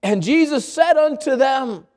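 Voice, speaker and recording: A man with a very high voice preaches to a congregation. His scripture reading drops lower, and between verses he explains in his own words, repeating words as he goes and putting questions to his listeners. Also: lively intonation, a little slow, darkish tone.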